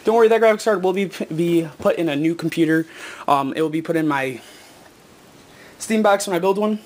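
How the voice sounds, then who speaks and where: A teenage boy, out of breath and excited, rambling with lots of ums and self-corrections in a casual unboxing vlog. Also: fairly high pitch, fairly quick. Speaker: gaming video maker.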